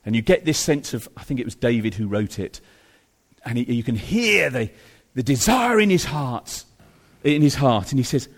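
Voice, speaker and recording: A man's voice: mid-range voice, very animated, normal speed. Man preaching a sermon in a reverberant hall. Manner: emphatic, repeats phrases, swings from soft to loud.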